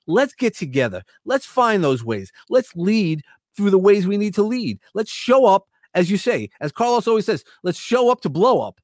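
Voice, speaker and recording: A man's voice: high voice, big pitch swings, normal speed, no room sound, clean studio sound. A middle-aged man with a New York accent, talking as a guest in an earnest, motivational, rambling way. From Long Island, New York. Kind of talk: casual chat.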